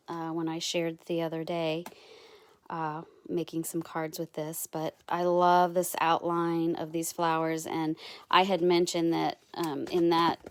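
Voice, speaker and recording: Woman craft vlogger, unhurried and low-voiced, gushing show-and-tell delivery. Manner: gushing, halting with many ums. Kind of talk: casual product show-and-tell.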